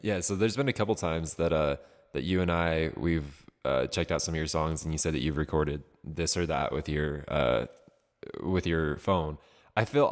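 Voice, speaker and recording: A man interviewing a producer, asking curious, halting questions in a casual tone. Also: sits low.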